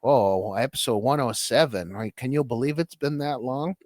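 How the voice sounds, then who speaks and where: A man's voice: medium pitch, moderate pace, dry recording, studio quality. A young man co-hosting a podcast in a loose, rambling chat, full of restarts and self-mocking asides. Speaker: podcast co-host. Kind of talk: casual chat.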